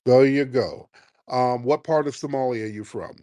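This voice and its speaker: A man's voice: medium pitch, moderate pace, dark tone, no echo. A man hosting a call-in radio show who argues sharply and presses his caller.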